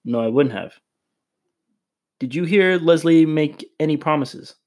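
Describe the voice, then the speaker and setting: A man's voice: fairly high pitch, a little slow, a little mellow, lightly acted. A man playing an earnest male questioner at a hearing, asking plain questions. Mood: questioning.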